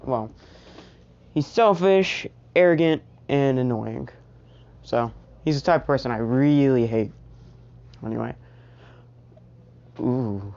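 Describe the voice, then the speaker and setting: A young person making up a fan story out loud, rambling and full of asides. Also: medium pitch, slow pace, pauses often. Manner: rambling, full of "you know" and tangents. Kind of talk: casual improvised storytelling. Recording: dull lo-fi recording.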